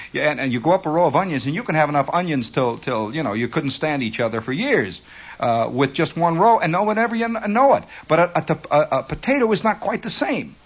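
A man telling a rambling, humorous story from his youth, with frequent asides and acted-out shouts. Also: on the high side, slightly rough, dull audio. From Indiana. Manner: animated, rambling, shouts and laughs for effect.

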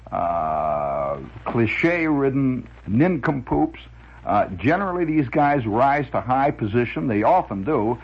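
A man telling long, rambling stories on the radio in a lively, chuckling way, full of "uh"s, on a dull old radio recording. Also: medium pitch, slightly rough. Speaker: radio monologist. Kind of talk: rambling storytelling monologue.

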